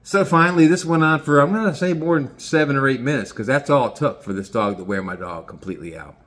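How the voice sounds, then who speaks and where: A man telling a casual story in an animated, swearing manner. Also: medium pitch, fast. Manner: animated, swearing, lots of restarts. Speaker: vlogger.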